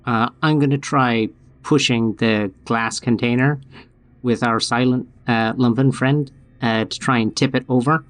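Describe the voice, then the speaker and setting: A man's voice: medium pitch, steady tone, measured pace, fairly bright tone. Hesitant male tabletop player. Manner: hesitant, many fillers while planning. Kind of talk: tabletop role-play.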